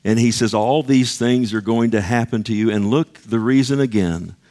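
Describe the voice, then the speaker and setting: A man's voice: medium pitch, normal speed, dark tone. A man preaching a sermon, emphatic and conversational, often asking the congregation "Amen?" and acting out little dialogues.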